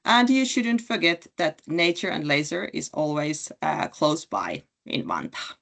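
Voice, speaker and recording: Woman, low voice, city pitch presentation, hesitant, many fillers. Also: lively intonation, measured pace, gravelly, a bit bright. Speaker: city representative pitching at a webinar.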